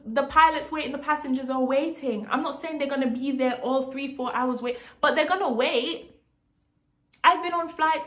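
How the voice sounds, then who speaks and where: A young woman vlogger telling a story to camera in a casual, indignant, animated way, swearing freely as she goes. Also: high voice. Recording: roomy echo.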